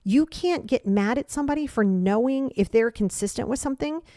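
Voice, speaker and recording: A woman's voice: fairly high pitch, expressive, a little fast, mellow, dry recording, clean studio sound. A middle-aged woman hosting a solo podcast, giving blunt, emphatic tough-love advice about emotions as a coach.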